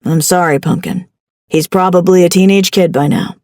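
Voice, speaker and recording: A woman voicing a gentle older man, a loving uncle who speaks softly and consolingly. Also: lowish voice, steady tone, normal speed, no room sound, studio quality, lightly acted. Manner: soft, tender, consoling.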